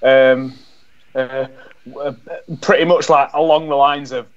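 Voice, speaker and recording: A man co-hosting a casual podcast, talking in an animated, sweary way and acting out quotes as he tells stories. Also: medium pitch, slow. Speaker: podcast co-host. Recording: dull lo-fi audio.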